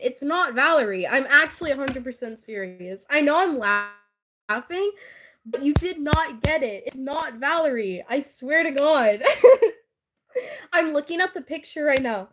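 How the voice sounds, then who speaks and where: A high-pitched woman chatting casually, drawn out and unhurried in her delivery. She giggles often and teases her friend, swearing freely. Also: expressive, fairly bright tone, slight background noise. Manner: giggly, teasing, laughs often. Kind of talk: casual chat.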